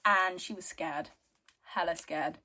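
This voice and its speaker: Young woman, casual story retelling, giggly chatty delivery, slow pace. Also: fairly low pitch, pushed and bright. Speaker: book reviewer.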